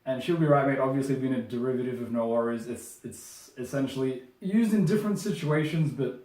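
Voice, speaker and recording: A man's voice: mid-range voice, a little fast, a little mellow. Roomy young Australian man explaining slang. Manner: playful, mock-formal explaining. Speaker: co-host. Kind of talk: casual explainer chat. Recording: roomy, distant mic.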